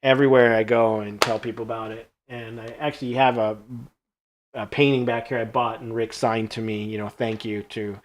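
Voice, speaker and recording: Lively man telling a studio story. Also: lowish voice, a little fast. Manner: animated anecdote-telling that acts out quoted dialogue, trailing off quietly. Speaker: host and creature sculptor. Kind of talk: casual live-stream storytelling. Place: his own art studio.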